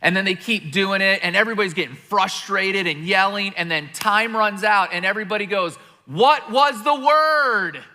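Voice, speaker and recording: A middle-aged man preaching a sermon in a large church, conversational and animated, acting out little scenes as he goes. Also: high voice, fairly quick, hardly any pauses, long reverb tail. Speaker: pastor.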